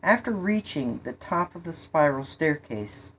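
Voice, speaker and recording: A woman reading a children's story aloud in a steady, unhurried way. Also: low voice, a little hiss or hum. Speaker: reader.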